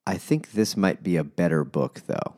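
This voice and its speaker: A man's voice: deep voice, normal speed, mellow. A man co-hosting a casual book podcast over beers, talking loosely and hesitantly, with the odd swear word.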